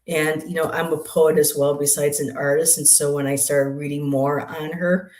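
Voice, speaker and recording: A host chats casually about spiritual practice, drifting through asides and pausing often. The voice sits in the middle of the pitch range. The room is echoey and roomy. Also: flat delivery, a little mellow. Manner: meandering, halting, with many asides. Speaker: livestream co-host, artist and poet. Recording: roomy echo.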